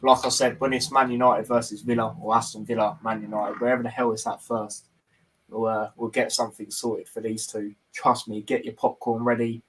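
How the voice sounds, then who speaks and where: A man's voice: medium pitch, level tone, fairly quick, slightly rough, poor audio. A young man hosting a football talk stream, laid-back and casual, leaning on fillers as he wraps things up. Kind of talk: casual chat. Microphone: phone on mobile data.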